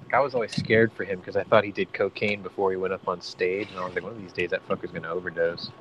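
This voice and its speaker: A man's voice: low voice, little pitch movement, quick pace, lo-fi sound, background noise. A man co-hosting a casual show, telling rambling, profane stories. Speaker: co-host. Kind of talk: casual chat.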